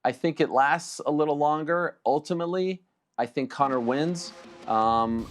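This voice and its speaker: A fired-up man making sports predictions, emphatic and boastful. His voice sits a little high, and he hammers his points by repeating them. Faint music plays behind him. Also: normal speed. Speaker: sports reporter guest. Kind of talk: excited sports talk.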